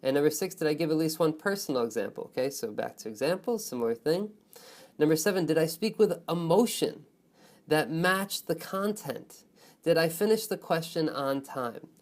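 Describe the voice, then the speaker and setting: A man teaching a speaking lesson to students. He talks in an expressive way, stretches key words for emphasis and keeps checking in with "right?" and "okay?". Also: on the high side, brisk. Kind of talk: online lesson on test speaking.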